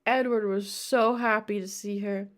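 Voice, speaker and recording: A woman's voice: mid-range voice, steady tone, a little slow. A woman streamer reading bad fanfiction aloud, breaking off for mocking, profane asides.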